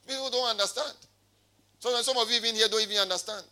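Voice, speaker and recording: A man's voice: very high voice, very fast, sharp tone. A male pastor preaching a sermon, calling out to his congregation and reading scripture aloud. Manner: preaching with call-and-response.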